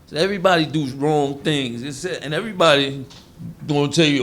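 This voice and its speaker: Informal preacher, fairly high voice. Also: male voice, brisk, a bit bright. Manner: informal, conversational, acts out quoted voices. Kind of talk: sermon teaching.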